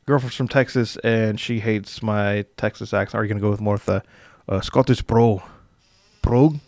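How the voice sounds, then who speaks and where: A man's voice: lowish voice, fairly even intonation, fairly quick, creaky, no echo. A young man casually hosting a live stream as dungeon master, rambling with filler words and chuckling as he reads viewer comments.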